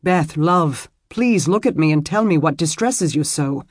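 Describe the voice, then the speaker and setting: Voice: mid-range voice, expressive, unhurried, no echo. An earnest, protective young knight speaks with tender firmness, in a mid voice close to the narration. A narrator reads him in an audiobook. The sound is dry and close. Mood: worried.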